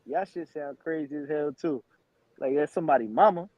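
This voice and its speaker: A man's voice: a little high, brisk, mellow, no room sound. Teasing man on a dull, dry line. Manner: teasing, profane banter. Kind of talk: casual chat.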